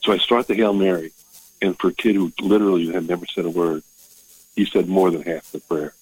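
Older man, husky, calling in. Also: deep voice, fairly even intonation, dry recording, poor audio. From Maryland. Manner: emotional, halting storytelling. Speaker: caller. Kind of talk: phone-in call to a radio show.

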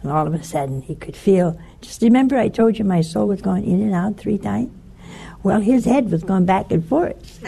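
An older woman preaches and tells stories in a lively way, acting out the people she talks about. Her voice is gravelly and husky, with a dark, mellow tone. She speaks as a religious speaker addressing listeners. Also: on the low side. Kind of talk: sermon-style storytelling talk.

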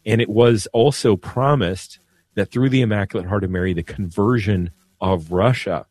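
A man, a priest, speaking earnestly on the radio about devotion, slow and measured, often repeating a word as he searches for it. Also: lowish voice, a little mellow, no room sound. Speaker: priest guest. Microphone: studio mic.

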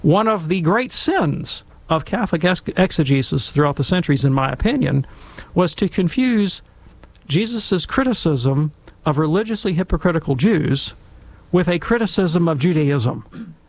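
A man's voice: fairly high pitch, lively intonation, normal speed, no room sound. A middle-aged man telling a wry, self-deprecating anecdote, then giving theological commentary in a Catholic discussion.

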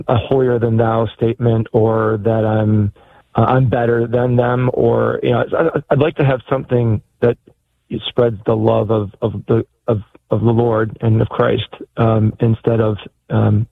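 A man calling in to a talk show, speaking hesitantly with many pauses and restarts, heard over a phone line. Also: lowish voice, little pitch movement, vocal fry. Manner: hesitant, lots of ums and restarts. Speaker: caller. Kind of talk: phone-in conversation.

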